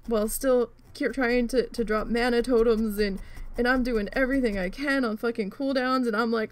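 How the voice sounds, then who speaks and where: A woman telling a story in a casual chat while crafting, animated and swearing often. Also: on the high side, normal speed. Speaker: channel host.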